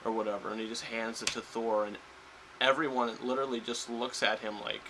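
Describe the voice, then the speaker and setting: A man's voice: mid-range voice, flat delivery, brisk, noisy background. A man giving a casual spoiler review of a film, rambling with lots of fillers and restarts. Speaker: movie reviewer.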